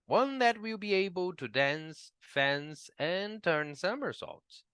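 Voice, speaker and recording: A man voicing a hot-tempered little old woodcarver who turns indignant and shrill when insulted. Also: lively intonation, slow pace, a bit bright, clean tone, no echo, full character voice. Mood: pleading, eager.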